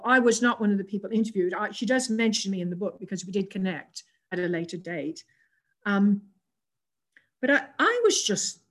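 A woman in her seventies with an English accent, an interview guest telling personal stories in a reflective, gentle way with frequent pauses and restarts. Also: mid-range voice. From England.

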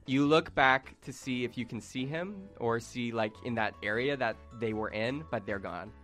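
A man's voice: mid-range voice, moderate pace, soft background music. A young man narrating as game master, giggly and full of fillers. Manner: giggly, filler-heavy, lively.

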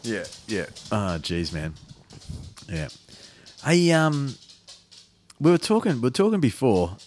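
Lively, hesitant podcast co-host man. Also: medium pitch, takes it slowly, faint music behind. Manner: hesitant, many ums and restarts, animated. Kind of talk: casual chat.

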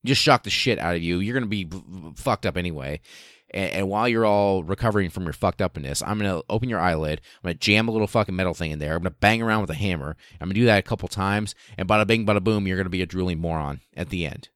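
A man's voice: low voice, fast, fairly bright tone, no room sound, studio quality. A man putting on a cheerful, crude, reckless male doctor who talks breezily and swears a lot. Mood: gleeful. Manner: profane, breezy, mock-cheerful.

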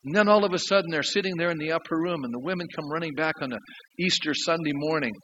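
A man's voice: on the high side, quick pace, bright, forceful tone, highs cut off, slight background noise. A man preaching a sermon as pastor, telling stories earnestly with emphatic rises and drops.

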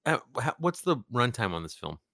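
A man co-hosting a podcast in casual chat, halting and trailing off into fillers. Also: medium pitch, sing-song, gravelly, bright, forceful tone, no room sound. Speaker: podcast co-host.

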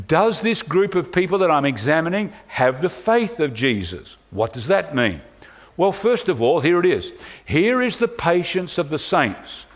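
A man preaching a sermon as pastor, emphatic, asking rhetorical questions and acting out quoted voices. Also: on the high side.

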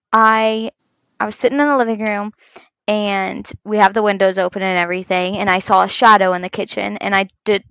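A woman in her thirties co-hosting a casual chat podcast, telling animated stories about her kids and swearing freely. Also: mid-range voice, no echo, rough recording. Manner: swears a lot, animated storytelling. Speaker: podcast co-host.

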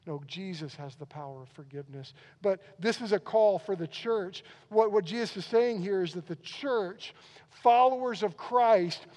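A man preaching a sermon as pastor, animated and acting out the disciples' reactions, often with small repeated restarts. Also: sits high, normal speed, in a large hall. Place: church.

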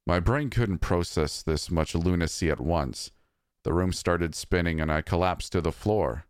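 A man reading a scripted horror story in a measured, somber way. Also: deep voice, smooth, dry recording, clean studio sound.

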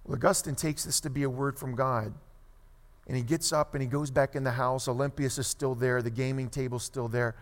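A man preaching a sermon, telling a story with animated delivery and asking his listeners questions. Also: mid-range voice, normal speed. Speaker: pastor. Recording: long hall reverb.

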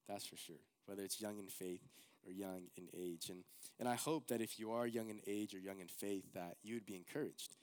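A man's voice: lowish voice, brisk, a little mellow, smooth. A young man preaching a casual, earnest sermon, peppering his talk with "like.". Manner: casual, earnest, heavy use of like.

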